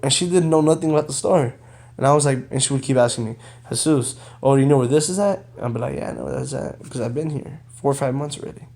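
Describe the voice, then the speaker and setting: A man's voice: mid-range voice, fast, creaky. Young man venting in casual storytime. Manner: animated retelling, quotes others, frequent "bro" and "you know". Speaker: vlogger telling a personal story.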